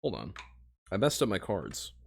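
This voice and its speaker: A man's voice: low voice, wildly swooping pitch, normal speed, gravelly, darkish tone, slightly rough. A young man from Missouri chatting casually with his livestream audience, self-mocking and talking straight to chat.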